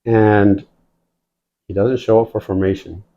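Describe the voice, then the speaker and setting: A man's voice: lowish voice, a little slow, muffled recording. A man telling war-service stories in a casual, profane way, acting out the dialogue as he goes. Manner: profane, animated storytelling, acts out quoted dialogue. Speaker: guest, military veteran. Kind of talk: casual storytelling.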